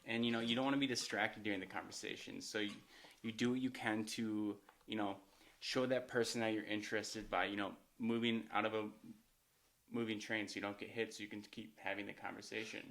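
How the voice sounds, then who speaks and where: A young man co-presenting course material, explaining points in a relaxed way with lots of fillers. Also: on the low side, fairly quick, vocal fry. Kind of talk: casual discussion of course material.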